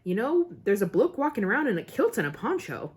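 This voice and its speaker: Blunt suspicious campsite keeper man, read by a woman, breathy voice, lively swings in pitch. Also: a little fast. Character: gruff wary middle-aged male campsite keeper.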